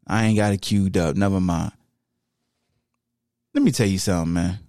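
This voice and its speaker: A man's voice: low-pitched, moderate pace, dry recording, studio quality. A man hosting a sports podcast, ranting with heat in casual, slangy talk. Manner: animated, slangy, heated ranting. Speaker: podcast host.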